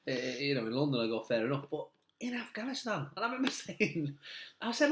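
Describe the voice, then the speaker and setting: A man's voice: fairly high pitch, very animated, fairly quick. A middle-aged comedian with a Manchester accent, chatting casually and rambling through self-deprecating anecdotes, laughing as he tells them. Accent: Mancunian. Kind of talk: casual chat. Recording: roomy echo.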